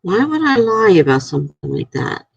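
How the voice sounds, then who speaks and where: A woman's voice: medium pitch, big pitch swings, normal speed, gravelly, breathy edge, dry recording, lo-fi sound. A woman chatting casually on a live stream, telling a rambling story to her viewers and sounding tired.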